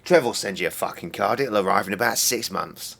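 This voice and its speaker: A man's voice: lowish voice, fairly quick, vocal fry, fairly bright tone. A man streaming a mystery game, swearing constantly and sounding exasperated. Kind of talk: casual live-stream commentary.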